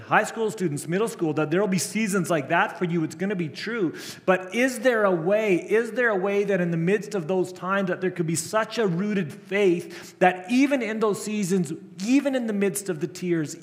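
A middle-aged man, a camp director, preaching with earnest storytelling and frequent restarts. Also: high-pitched. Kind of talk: sermon. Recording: long hall reverb.

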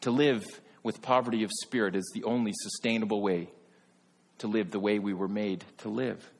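A man delivers a sermon with a slightly husky, breathy tone. He swings from emphatic, forceful stretches to quiet, soft passages. His voice carries a long reverb, as if filling a church sanctuary. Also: lowish voice, fairly even intonation, moderate pace. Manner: earnest, rises to emphatic peaks then drops soft. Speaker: pastor.

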